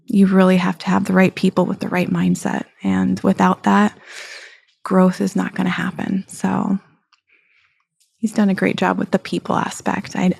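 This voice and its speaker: A woman with a mid-pitched voice and heavy vocal fry, talking in a relaxed interview. She is direct and animated, acting out the quotes in her stories. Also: no room sound. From Montana. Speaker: business co-owner guest. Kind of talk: casual interview conversation.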